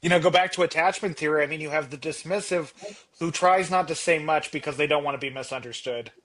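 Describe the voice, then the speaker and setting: A man co-hosting a coaching podcast, chatting casually and jumping quickly into examples and jokes. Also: a little high, fairly bright tone.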